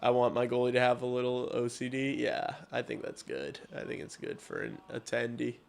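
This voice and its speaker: Streaming live while he watches hockey, a man talks bluntly and profanely with viewers and sometimes builds into loud rants. His voice is gravelly and medium-pitched, monotone, and a little fast.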